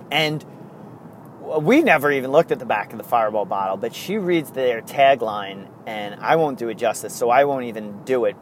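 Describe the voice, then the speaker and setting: A middle-aged man, co-hosting a casual podcast and telling rambling stories in excited bursts. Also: medium pitch, a little hiss or hum. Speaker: podcast co-host. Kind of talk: casual chat.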